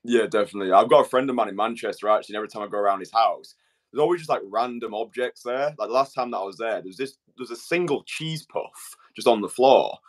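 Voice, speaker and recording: A man's voice: mid-range voice, fast talker. A man hosting his podcast in a rambling, laddish monologue, swearing freely. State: slightly out of breath. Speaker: podcast host. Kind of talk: casual monologue and chat.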